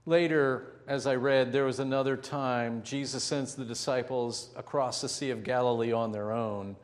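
A man preaching a sermon as pastor, telling a story vividly and slowing down to stress key points. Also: mid-range voice, fairly even intonation, long reverb tail. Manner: vivid storytelling with slow, drawn-out emphasis.

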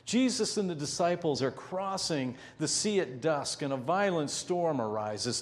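Higher-voiced male pastor, vivid storyteller. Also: darkish tone, big-room sound. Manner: vivid storytelling with slow, drawn-out emphasis. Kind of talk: sermon.

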